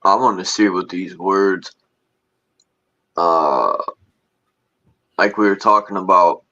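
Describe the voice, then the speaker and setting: A man's voice: deep voice, steady tone, slow pace, sharp tone, dull audio. A man hosting a casual conversation, chiming in with short remarks and musing aloud. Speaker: host.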